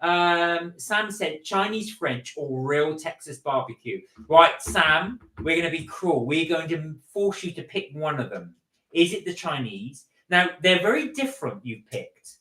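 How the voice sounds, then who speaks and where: A chatty man hosting a live stream, his voice pitched a little high for a man. He reads viewer comments aloud and jokes between them. The sound bounces around an echoey room. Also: big pitch swings, unhurried, sharp tone. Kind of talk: casual live chat reading viewer comments.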